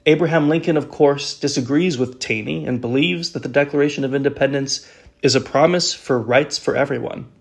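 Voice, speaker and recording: Man, podcast host, scripted history narration, earnest, explanatory, mid-pitched voice. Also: a little fast, vocal fry. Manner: earnest, explanatory, reads quotes aloud.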